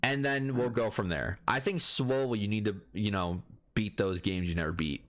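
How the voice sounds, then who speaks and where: A man's voice: on the low side, moderate pace, a bit bright. A young man hosting a podcast, teasing and bossing his co-host around in casual chat and swearing as he goes.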